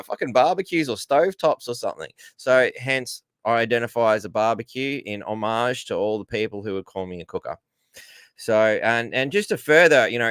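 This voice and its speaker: A man's voice: fairly low pitch, fairly bright tone, clear, resonant tone, no room sound, studio quality. A man with an Australian accent hosting a casual livestream, rambling and greeting viewers in the chat. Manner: rambling, reads out viewer comments, says g'day and mate. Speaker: livestream host.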